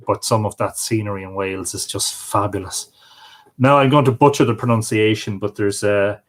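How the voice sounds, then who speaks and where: Speaking in a lowish voice, this Irish-accented man runs a casual livestream chat. He reads out comments from viewers and says hello to each one by name.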